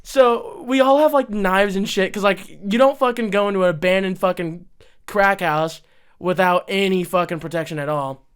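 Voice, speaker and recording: A young man co-hosting a podcast, telling a story in casual chat, profane and excitable, laughing often. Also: high-pitched, normal speed, clean tone. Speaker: podcast co-host.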